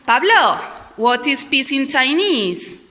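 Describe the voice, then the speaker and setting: A woman teacher leading a class slowly and clearly, praising and prompting the group to repeat after her. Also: high voice, big pitch swings, pushed and bright. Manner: slow, clear, encouraging. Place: school hall or classroom. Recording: echoey room with faint noise.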